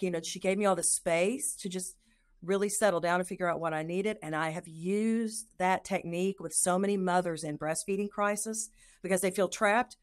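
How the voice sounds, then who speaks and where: A middle-aged woman, a nurse and lactation consultant, telling her career story in an interview, lively and acting out her own past thoughts. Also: fairly low pitch, normal speed.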